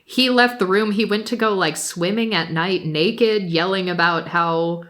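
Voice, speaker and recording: A woman's voice: mid-range voice, a little slow, a bit bright. A woman co-hosting a podcast, casually recapping reality shows, laughing often and swearing freely. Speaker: podcast co-host.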